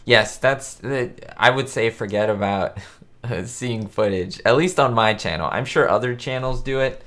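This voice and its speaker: A man's voice: mid-range voice, a little slow, fairly bright tone. A man hosting a casual live chat on a facecam, answering viewers' comments in a rambling, chatty way with lots of fillers. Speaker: host of a live chat stream about a classic sitcom.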